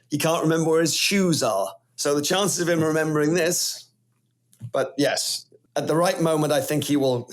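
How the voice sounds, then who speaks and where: Chatty Welsh man, a bit high. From Wales. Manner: animated, rambling storyteller. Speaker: podcast guest. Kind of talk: casual chat.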